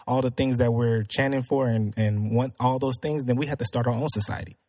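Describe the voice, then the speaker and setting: Fast-talking husky man, dry sound. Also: medium pitch, steady tone, a little mellow, no room sound. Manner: blunt, provocative, questioning. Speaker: discussion participant. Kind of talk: casual debate.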